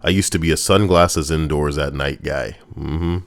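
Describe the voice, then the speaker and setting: A man's voice: rumbling low, fairly even intonation, moderate pace, creaky. A young man casually reading forum posts aloud and riffing on them, sarcastic and rambling with loose asides.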